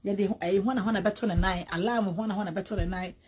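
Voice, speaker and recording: A woman with a Ghanaian accent giving animated, casual gossip commentary, mixing English with Twi and often repeating words. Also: mid-range voice, very fast, breathy edge. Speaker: entertainment vlogger.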